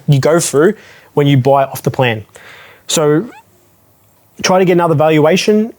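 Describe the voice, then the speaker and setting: Telling the story of his own property purchase, a property advisor speaks to camera in a frank, conversational way, full of restarts and asides. His voice is medium-pitched and a little mellow.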